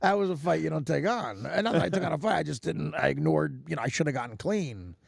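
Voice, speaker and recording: A man's voice: fairly high pitch, quick pace, gravelly, no echo, clean studio sound. A man guesting on a talk show, telling stories with lots of laughs and stammered restarts. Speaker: comedian guest. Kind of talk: casual chat, storytelling.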